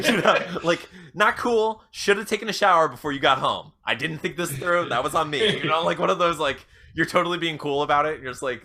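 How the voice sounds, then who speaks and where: Young guy podcast host, bright edgy voice, goes way up when he does the quotes, rambling and goofy. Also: a little fast, hardly any pauses. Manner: rambling, acts out quotes with jumps in pitch. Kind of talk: casual comedic pitch.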